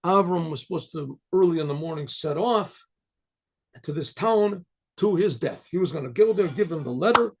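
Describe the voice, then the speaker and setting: A rabbi tells a story with frequent throat clearing and restarts. His voice sits high for a man, with a gravelly, husky grain. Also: lively intonation, moderate pace, darkish tone.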